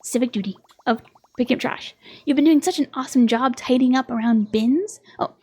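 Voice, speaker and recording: A woman's voice: high voice, fairly quick, darkish tone, slightly rough. A young woman streaming a game, chatting casually, laughing often and reading game dialogue aloud. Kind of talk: casual let's-play chat.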